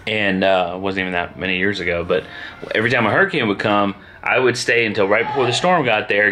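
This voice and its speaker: A man, chatting casually at home as a family vlogger, relaxed and rambling. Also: fairly low pitch, a little hiss or hum. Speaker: vlogger and father. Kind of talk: casual chat.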